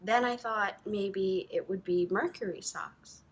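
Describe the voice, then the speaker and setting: A woman's voice: mid-range voice, measured pace. A woman hosting a knitting podcast, chatting to camera in a gushing, rambling way full of ums and likes. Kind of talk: casual chat to camera.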